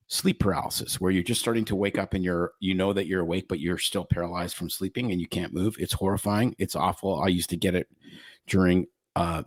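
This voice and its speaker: A man with a low voice co-hosts a casual podcast, explaining medical terms with playful jokes. He speaks as a doctor chatting with his co-host. The recording is dry and close. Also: breathy edge, no echo.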